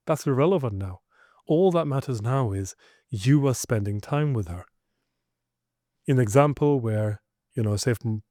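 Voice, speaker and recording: A man's voice: medium pitch, a little mellow, no echo. Man, relationship coach, mid-range voice, dry close sound, blunt lecturing delivery. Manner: direct, emphatic, lecturing listeners with acted examples. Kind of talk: instructional monologue.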